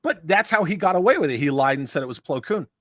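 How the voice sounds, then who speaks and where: A man's voice: fairly high pitch, expressive, fast talker, fairly bright tone, dry recording, studio quality. A man co-hosting a casual livestream, chatting loosely with a lot of swearing and reading out chat comments. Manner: laid-back, profane, riffing.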